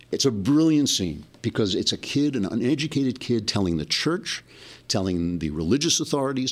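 Male show host, lowish voice, animated monologue, restarts and self-corrections. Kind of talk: monologue commentary.

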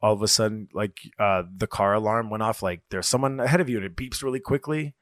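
A man's voice: on the low side, quick pace, fairly bright tone, dry recording, studio quality. A man co-hosting a podcast, chatting casually, rambling and swearing as he retells stories with quoted voices. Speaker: podcast co-host. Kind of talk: casual chat.

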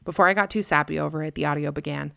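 A woman podcast host narrating a scary story in a measured, dramatic reading. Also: low-pitched, fairly even intonation, gravelly, fairly bright tone, smooth, no echo, studio quality.

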